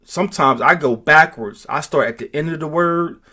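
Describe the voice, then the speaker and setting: Man, teacher, halting, thinks aloud, casual class talk. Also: on the high side, bright, forceful tone. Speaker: teacher of a Hebrew roots class. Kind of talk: informal group lesson.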